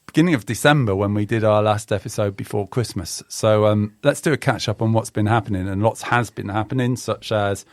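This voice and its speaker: A man hosts a relaxed studio chat, his voice nasal and a little stuffy from a cold. He talks in a low-ish, easygoing way, full of small fillers and dry asides. The sound is close and dry, with no room around it. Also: brisk, hardly any pauses, no room sound. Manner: relaxed, wry, chatty with fillers. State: under the weather, nasal. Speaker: podcast host and journalism lecturer. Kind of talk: casual chat.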